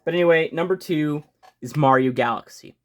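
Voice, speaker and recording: A young man hosting a casual video game ranking vlog, talking fast and excitedly, gushing and swearing casually with frequent restarts. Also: on the high side. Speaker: video game channel host.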